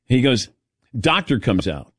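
A man hosting a sports radio show, telling lively personal stories and acting out other people's lines. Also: medium pitch, unhurried, no room sound, clean studio sound. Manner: animated storyteller, acts out quotes. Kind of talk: casual sports radio chat.

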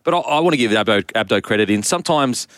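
A man's voice: on the low side, lively intonation, fast talker, fairly bright tone, no echo. A man co-hosting a radio show, talking in bursts with hesitant restarts. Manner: hesitant, many restarts, laughs easily. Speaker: radio co-host. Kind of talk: casual radio banter.

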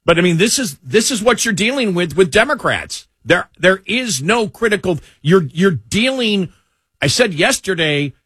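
A man's voice: high voice, big pitch swings, moderate pace, a bit bright, husky, no echo, studio quality. A man hosting political talk radio, scornful and emphatic, often repeating himself as he builds a point.

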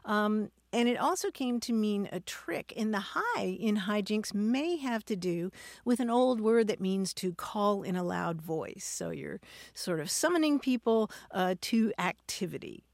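A woman's voice: medium pitch, animated, unhurried, vocal fry, no room sound, clean studio sound. A woman co-hosting a radio word show, explaining word origins and laughing as she talks. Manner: warm explanatory, laughs while talking. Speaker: radio co-host, word expert.

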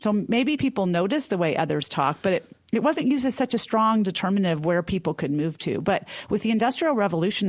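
A woman guest, a professor, giving long explanatory answers in a radio interview, with quick restarts. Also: medium pitch, no room sound.

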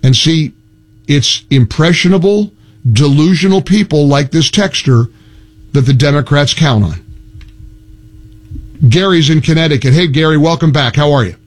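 A man's voice: a little high, normal speed, pauses often. A man hosting a call-in radio talk show, sarcastic and argumentative, talking over his callers from the studio.

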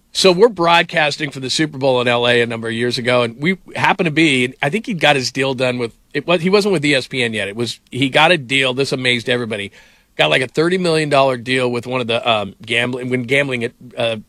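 Bright-voiced rambling sports radio host. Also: male voice, mid-range voice, dry recording. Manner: rambling storyteller, many fillers. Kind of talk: casual sports radio talk.

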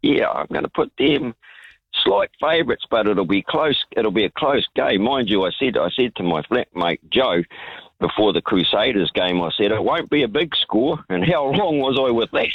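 A hoarse man with a New Zealand accent, calling in to talk rugby in a rambling, good-humoured way. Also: mid-range voice, animated, normal speed, no echo. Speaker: caller. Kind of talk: talkback phone call. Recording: dull phone line.

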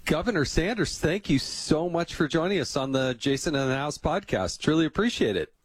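A man's voice: on the high side, animated, fairly quick, no echo. A man hosting a podcast, chatting casually with his guest and telling anecdotes, laughing easily. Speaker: podcast host. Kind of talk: casual interview chat.

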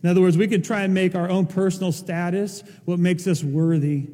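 Emphatic high-voiced man preaching. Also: steady tone, brisk, dark tone, in a large hall. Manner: impassioned, rising to emphatic peaks. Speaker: pastor. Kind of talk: sermon.

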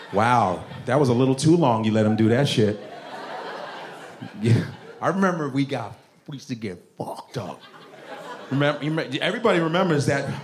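A man's voice: medium pitch, lively intonation, moderate pace, pauses often. A man from Africa doing stand-up, brash and profane, acting out his parents in a noisy live recording. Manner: loud, brash, swearing, acts out his parents. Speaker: stand-up comedian. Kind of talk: stand-up crowd work.

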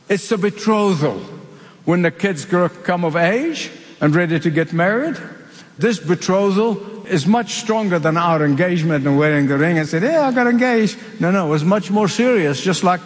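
High-voiced preacher from the Middle East. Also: male voice. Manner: emphatic, repeats key phrases. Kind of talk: sermon. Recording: long hall reverb.

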